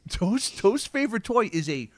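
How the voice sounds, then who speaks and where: Animated, profane man on a talk show. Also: high-pitched, moderate pace. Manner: animated and profane, swears for emphasis. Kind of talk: casual comedic chat.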